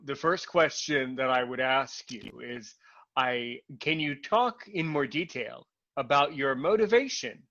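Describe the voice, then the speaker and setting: A man hosts a podcast, and his bright, high voice has an upbeat, playful lilt. The sound is dry and a little muffled, with no room around it. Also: dry recording. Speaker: podcast host. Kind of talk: podcast interview.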